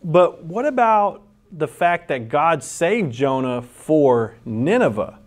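Man, preacher, casual sermon, rambling with restarts, slightly high voice. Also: sing-song, slow pace. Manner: rambling storyteller with frequent restarts. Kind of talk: conversational sermon.

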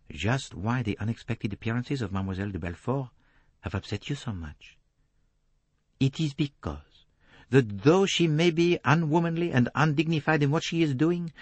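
A man reading an audiobook voices a fastidious middle-aged Belgian detective, precise and courteously relentless. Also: mid-range voice, slightly rough, no room sound, voice pushed up.

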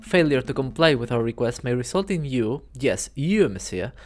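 A man voicing a stern male falcon defense attorney, talking briskly and forcefully. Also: medium pitch, lively intonation, soft background music, natural voice.

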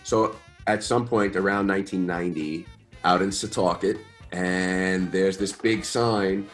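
Man, fifties, from New York, lowish voice, casual storyteller, slangy, relaxed interview guest. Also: unhurried, faint music behind. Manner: relaxed, chatty, uses slang and mild swearing. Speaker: guest musician.

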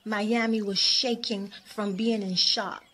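Slow-reading woman storyteller. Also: mid-range voice, fairly even intonation, fairly bright tone, a little hiss or hum. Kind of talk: children's story narration.

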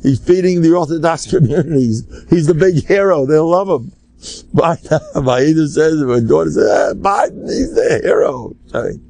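An older man, a rabbi, giving an animated, rambling Torah lecture full of Yiddish and Hebrew terms. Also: a little high, moderate pace, dry recording.

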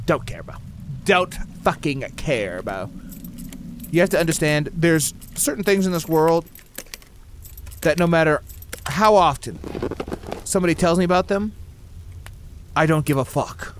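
A man giving profane, incredulous let's-play commentary, ranting loudly at a game. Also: on the high side, lively intonation, moderate pace, long pauses, a little hiss or hum. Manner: loud, cursing, incredulous rants. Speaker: gaming YouTuber.

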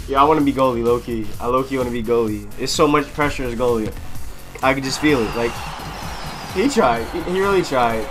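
A young man commentating his own gameplay, loud and excitable, yelling and laughing at what happens on screen. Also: medium pitch, brisk, over music. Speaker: gaming YouTuber.

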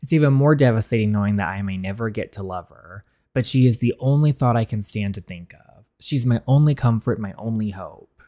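A man voicing a brooding young male prisoner's inner monologue, soft, slow and melancholy. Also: on the low side, natural voice.

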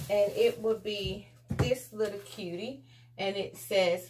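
Woman, unhurried, laid-back, casual haul vlog, faint background noise. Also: medium pitch. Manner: chatty, laid-back, talks to viewers as y'all. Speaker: vlogger.

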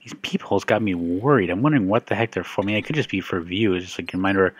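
A man's voice: sits low, rapid-fire, few pauses, husky. A man giving casual, rambling gameplay commentary as a video host, joking and breaking off his sentences as he plays. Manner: rambling, joking, self-interrupting.

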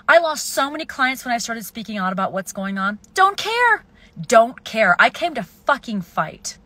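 A young woman ranting furiously and profanely at the camera, swinging between shouts and hushed hisses. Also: medium pitch, no room sound. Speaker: video poster. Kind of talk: angry self-filmed rant.

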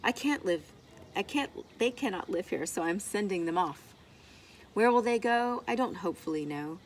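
A woman's voice: medium pitch, expressive, moderate pace, slight background noise, natural voice. A woman reading aloud voices a cross little male forest creature who scolds in a snappish way. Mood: scolding.

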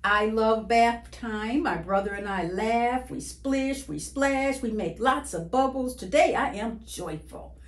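Woman, children's story reader, slow and lilting, echoey room. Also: fairly high pitch. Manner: expressive, sing-song storybook reading. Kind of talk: reading a picture book aloud to children.

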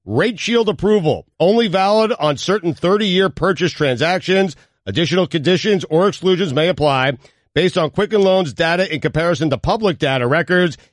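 Brisk radio co-host reading an ad. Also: male voice, on the high side, lively intonation, dry recording. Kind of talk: casual banter and read ad.

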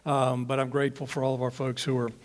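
Pastor in an echoing church hall. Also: male voice, medium pitch, monotone, fast talker. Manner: conversational, rambling, restarts phrases. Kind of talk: informal talk to church leaders.

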